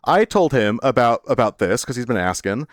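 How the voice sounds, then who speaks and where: A man telling a casual storytime monologue as a vlogger, rambling and animated, with many fillers and sudden jumps in pitch, playfully teasing his listeners. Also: brisk, no room sound, studio quality.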